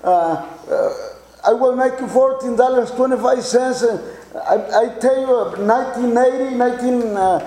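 A man in his sixties from Mexico with a Mexican Spanish accent, giving a halting church testimony full of repeats and fillers. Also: extremely high pitch, dark tone, reverberant, poor audio. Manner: halting, many repeated words and fillers, chuckles.

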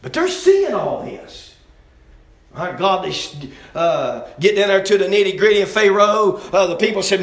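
A man preaching a sermon, telling the story in a folksy way and swinging from shouting to hushed tones. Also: high-pitched, sing-song, normal speed, roomy sound.

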